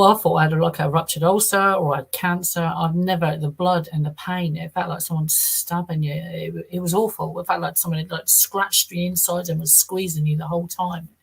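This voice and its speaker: A woman's voice: on the low side, vocal fry, husky, low-quality recording. A middle-aged woman from southern England with an English accent, telling a personal story in an interview, rambling and acting out the quoted speech. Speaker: interview guest.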